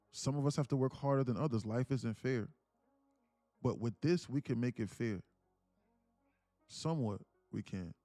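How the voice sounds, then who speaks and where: A man's voice: medium pitch, dark tone, no echo. Earnest man hyping his stream chat. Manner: earnest, repetitive, calls listeners "man" and "bro"; reads chat aloud. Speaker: livestream trading host. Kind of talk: casual motivational livestream talk.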